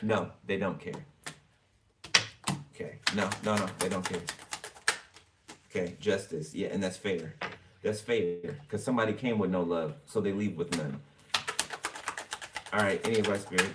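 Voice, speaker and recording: A man's voice: sits low, normal speed, long pauses, far from the mic, heavy background noise. A man giving a casual tarot reading for viewers, chatty and blunt, swearing freely as he turns the cards. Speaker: tarot reader.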